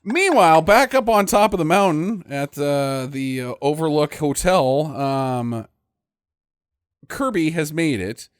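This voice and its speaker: Podcast co-host, male, sarcastic and profane, lively swooping delivery on a slightly high voice, dry close mic. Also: unhurried, clean tone, no room sound. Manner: sarcastic, swears a lot, acts out the characters' lines in big exaggerated voices. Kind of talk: casual movie-recap chat.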